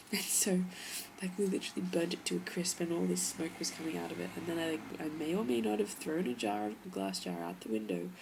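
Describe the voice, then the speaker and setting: A woman's voice: lowish voice, creaky, darkish tone, slight background noise, poor audio. A young woman vlogging, telling a rambling story in a chatty way and dropping into whispers for emphasis. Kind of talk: casual storytelling vlog.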